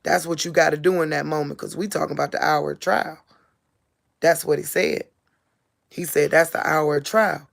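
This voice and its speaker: A woman's voice: low-pitched, fairly even intonation, normal speed, gravelly. A woman preaching in an informal monologue, emphatic and repetitive, speaking straight to her listeners. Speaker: spiritual teacher.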